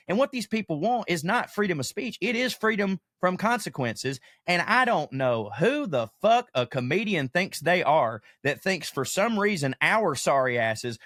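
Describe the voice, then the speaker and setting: A man hosts a casual podcast monologue in a slightly high voice. He rants with animated energy and swears freely, tossing in comic asides. The recording is close and dry, with no room sound. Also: no echo. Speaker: podcast host, comedian.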